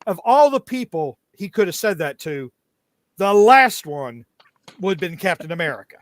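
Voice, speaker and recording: A man's voice: high voice, big pitch swings, normal speed, no echo. A man hosting a comic book podcast, talking casually and animatedly, laughing often and reading lines from the comic in mock voices. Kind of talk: casual chat.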